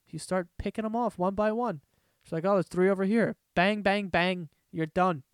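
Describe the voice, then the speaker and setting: A man's voice: high voice, clean tone, no echo. A man hosting a casual solo podcast, ranting in a profane, rambling way from a room at home. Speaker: podcast host.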